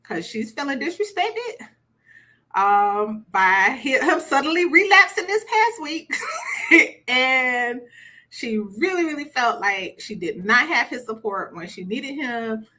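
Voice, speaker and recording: A woman with a fairly high voice leads an informal coaching session. She talks in a chatty way and leans on repeated words to stress a point. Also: sing-song, takes it slowly, sharp tone. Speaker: relationship coach. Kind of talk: conversational online workshop teaching.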